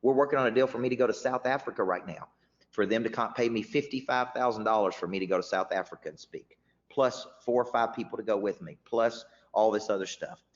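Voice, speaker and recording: A man's voice: lowish voice, fast. A man hosting a motivational webinar as a business coach, emphatic and often restarting his words. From Tennessee. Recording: muffled webinar audio with long reverb.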